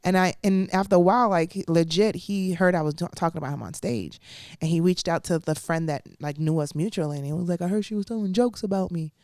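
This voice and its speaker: A woman's voice: fairly low pitch, steady tone, fast talker, a little mellow, no echo, studio quality. Blunt, laughing woman storyteller on a podcast. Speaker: comedian guest. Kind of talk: casual podcast chat, storytelling.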